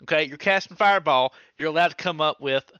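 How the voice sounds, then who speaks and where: A man talks casually on a podcast, joking and rambling as he goes. His voice is bright and fairly high for a man. The recording is dry and a little dull, like lo-fi podcast audio. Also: fast talker, clean tone, no echo. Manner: joking, rambling, laughs often. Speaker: podcast co-host. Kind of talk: casual chat.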